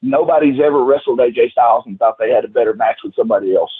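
A man's voice: medium pitch, fast, breathy edge. A man telling rowdy stories as a podcast guest, swearing freely and acting out quotes, over a tinny call line. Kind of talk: casual storytelling.

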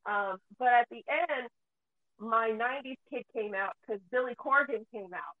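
Casual chat from a mother playing host: her voice is a little high and moderately paced, the sound dry with no room tone and a tinny phone quality. She tells stories freely, peppered with plenty of swearing.

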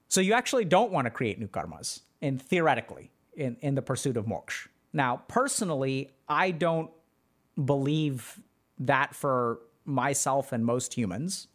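A man's voice: medium pitch, sing-song, normal speed. A man hosting a casual livestream, answering chat questions in a loose, explanatory way with plenty of filler words. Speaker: podcast host answering chat.

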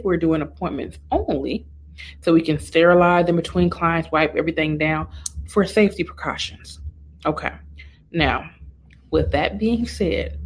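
A woman's voice: lowish voice, a little hiss or hum. A woman and makeup artist ranting casually and sassily to her viewers. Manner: animated, sassy, talks straight to the viewer. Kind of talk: casual opinion rant.

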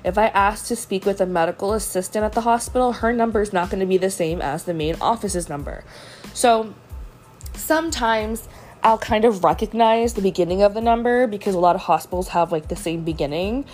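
A woman's voice: medium pitch, a little fast, darkish tone, faint music behind. Young woman, casual storytime vlogger, slightly sick and throaty, frank, chatty, filler-heavy delivery.

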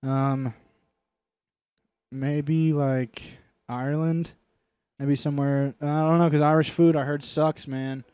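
A man's voice: fairly high pitch, flat delivery, slow pace, dark tone, clear, resonant tone, dry recording. A man co-hosting a casual podcast chat, joking and swearing crudely. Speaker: podcast co-host.

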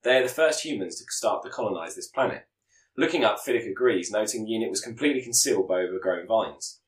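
A man reading out a scripted plot pitch as a podcast co-host, sometimes stumbling and correcting himself. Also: lively intonation, fast talker, reverberant, rough recording. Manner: reads with stumbles and self-corrections.

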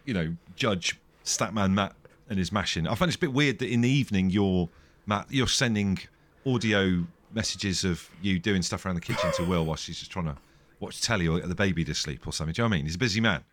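A man's voice: low voice, quick pace, a bit bright. A man hosting a podcast in rambling, jokey casual chat. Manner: rambling, jokey, self-deprecating. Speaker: podcast host.

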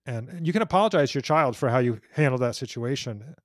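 A man talks earnestly in a dry, close-sounding recording, often restarting with repeated words before pressing his point with emphasis. His voice sits at an ordinary middle pitch. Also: lively intonation, fast, no room sound. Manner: earnest, repeats words when starting thoughts, grows emphatic. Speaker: guest. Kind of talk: casual chat.

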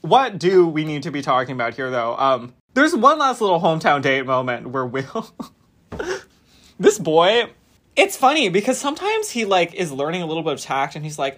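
A woman co-hosting a podcast in casual chat, animated and jokey, laughing often. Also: sits low, moderate pace. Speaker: podcast co-host.

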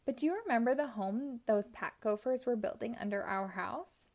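A woman's voice: a little high, expressive, normal speed, a little mellow. A woman voicing a cheerful, brave male hero in a children's story. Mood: upbeat.

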